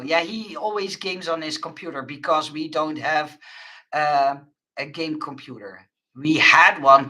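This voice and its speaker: A woman's voice: sits low, bright, forceful tone, poor audio. A middle-aged woman hosting a craft livestream, chatting casually with viewers and laughing often. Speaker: craft livestream host reading viewer chat.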